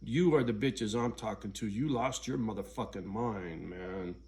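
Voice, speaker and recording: A man's voice: on the low side, moderate pace, very noisy. Profane, blunt man ranting to camera. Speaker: vlogger. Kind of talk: casual rant to camera. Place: at home alone.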